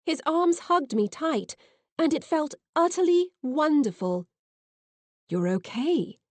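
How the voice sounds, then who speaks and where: Woman, audiobook narrator, first-person storytelling, slow pace, dry close-mic sound. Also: sits high, no room sound. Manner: lively, expressive dialogue reading.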